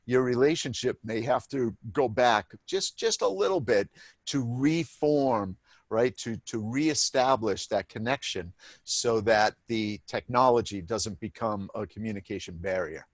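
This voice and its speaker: A man co-presenting a webinar workshop, explaining things in a measured way with small restarts. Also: mid-range voice, no room sound.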